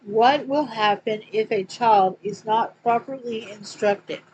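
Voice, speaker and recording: A woman with a Southern accent, reading Bible questions and verses aloud slowly, with small slips and asides. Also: fairly high pitch, darkish tone, a little hiss or hum, low-quality recording. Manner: slow and deliberate, reads quotes slowly with small slips and asides. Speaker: Bible study reader.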